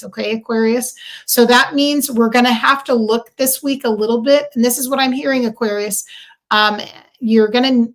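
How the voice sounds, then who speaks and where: A woman's voice: fairly high pitch, fairly bright tone. A woman reading tarot and astrology on a live stream, chatty and effusive, talking straight to her viewers with many ums and okays. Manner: chatty and effusive, frequent ums and "okay", addressing viewers directly. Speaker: livestream tarot and astrology reader.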